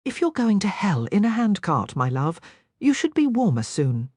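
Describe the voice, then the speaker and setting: A woman voicing a soft-spoken aristocratic rake. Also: medium pitch, big pitch swings, moderate pace, dry recording, clean studio sound, voice pushed up. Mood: tender. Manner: soft, teasing and protective. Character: charming, worldly aristocratic young male rake.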